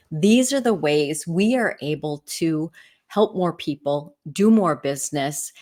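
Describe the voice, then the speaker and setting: Chatty middle-aged woman with a lowish voice. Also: lively intonation, unhurried. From Midwest US. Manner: chatty storyteller, frequent "right?" and "you know" asides. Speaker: real estate agent. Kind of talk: casual teaching talk.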